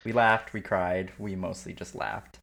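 A man's voice: low voice, steady tone, a little slow, vocal fry, fairly bright tone. A man co-hosting a podcast in casual, giggly, joking chat. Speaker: podcast co-host.

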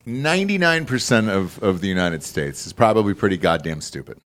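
Blunt, animated man from Georgia. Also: sits low, fairly quick. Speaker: guest comedian. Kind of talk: casual podcast banter.

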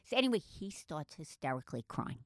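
An older woman co-hosting a podcast, telling a family story in casual chat, animated and swearing, acting out the voices of others. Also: low-pitched, a little fast, no echo, clean studio sound. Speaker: podcast co-host, mother.

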